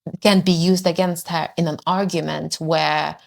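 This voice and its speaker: A woman with a slightly low voice hosts a conversation podcast. She asks pointed, probing questions and pushes her guest on each point. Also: level tone, moderate pace, vocal fry. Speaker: podcast host.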